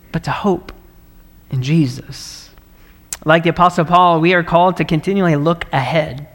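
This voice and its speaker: A male pastor delivering a sermon in a conversational, earnest manner, often checking in with a quick "right?". His voice sits a little high for a man, and it rings with the long reverb of a big church sanctuary. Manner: conversational, earnest, warm laughs and frequent "right?". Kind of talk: livestreamed sermon. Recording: long reverb of a large hall.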